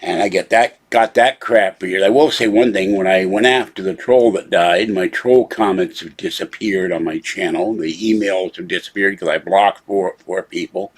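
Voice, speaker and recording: A man with a low, slightly rough voice talks at a normal speed with hardly any pauses. He hosts his own channel and sits at his computer, ranting casually in a live video, complaining at length in an irritated, rambling way.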